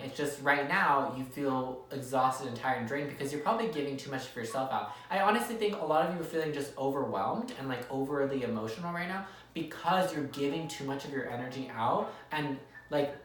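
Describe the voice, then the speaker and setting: Very low-voiced woman giving a casual tarot reading. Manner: chatty, repetitive, keeps checking in with "okay?". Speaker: tarot reader. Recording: echoey room, mic at a distance.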